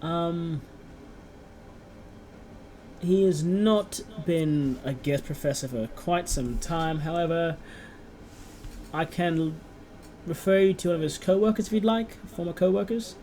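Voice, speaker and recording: A man's voice: a little high, slow, long pauses, warm tone, a little hiss or hum, voice pushed up, rough recording. A man voicing a polite British front desk clerk with a courteous, formal manner.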